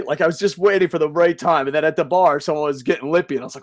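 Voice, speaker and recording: Man, young adult, higher voice, profane, rambling, excitable, wrestling podcast co-host. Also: racing, few pauses. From United States. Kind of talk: casual wrestling chat.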